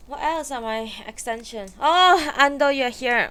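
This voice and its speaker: A woman's voice: sits high, unhurried, hardly any pauses, pushed and bright, smooth. A woman streamer chatting live while she sets up, exasperated, swearing and muttering to herself.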